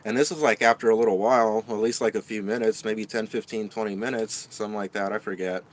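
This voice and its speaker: A man's voice: lowish voice, steady tone, fast. Agitated stammering man venting. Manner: rambling, stammering, swearing, agitated. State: upset and shaken. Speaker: vlogger. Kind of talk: venting storytime vlog.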